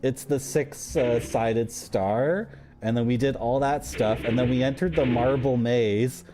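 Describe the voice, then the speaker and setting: A man's voice: medium pitch, a little slow, background noise. A man streaming a game, telling a rambling, wry story as he plays. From Southern Ontario, Canada. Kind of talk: casual gameplay commentary. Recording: faint music behind.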